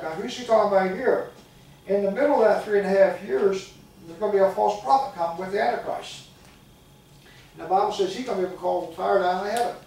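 A man's voice: high voice, fairly quick, creaky, darkish tone. An older man preaching a sermon, telling stories in a folksy way and calling out to his congregation. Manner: folksy storytelling with call-outs to the congregation. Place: church sanctuary. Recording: echoey church recording from far off.

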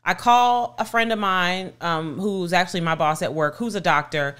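A woman's voice: lowish voice, moderate pace, a bit bright, clear, resonant tone. A middle-aged woman co-hosting a podcast, animatedly retelling a story and acting out the voices of people in it. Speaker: podcast co-host. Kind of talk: casual storytelling chat.

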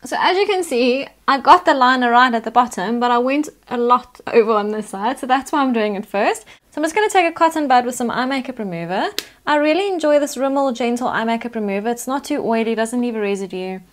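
Female beauty vlogger, bright high voice, chatty and instructive. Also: expressive, fast talker. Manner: chatty, instructive, talks through each step. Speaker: makeup tutorial host. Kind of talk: step-by-step makeup tutorial narration.

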